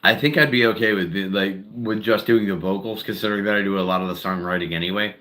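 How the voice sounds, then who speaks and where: A man's voice: sits low, fast talker, fairly bright tone. A man chatting casually on a solo live stream, rambling and heavy on fillers. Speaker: streamer and singer-songwriter.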